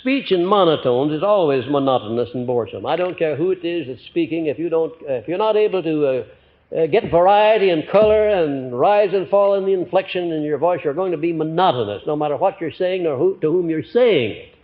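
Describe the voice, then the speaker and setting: Older guy giving a pep-talk lecture, kinda high-pitched, muffled 50s tape sound, gets loud then soft, lots of uhs. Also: brisk. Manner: animated, swings between loud emphatic and quiet, frequent uh fillers. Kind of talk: live motivational lecture. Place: lecture hall with audience. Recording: muffled 1950s lecture recording.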